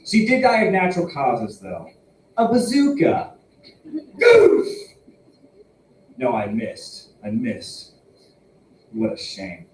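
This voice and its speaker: Self-mocking young comic with lively pitch. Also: male voice, a little slow, recorded from a distance, slight background noise. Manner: self-mocking, jumpy pitch, laughs at own jokes. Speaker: stand-up comedian. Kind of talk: open mic stand-up. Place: small tobacconist shop. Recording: echoey room, heard from afar.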